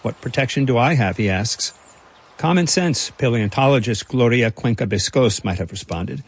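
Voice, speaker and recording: Husky-voiced radio reporter man. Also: medium pitch, lively intonation, moderate pace. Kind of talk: scripted narration.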